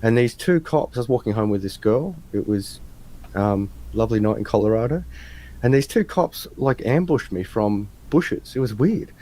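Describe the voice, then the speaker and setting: An Australian man, probably in his thirties, casually telling a story on a livestream and acting out the quotes. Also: moderate pace. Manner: animated storyteller, acts out quotes in a higher voice.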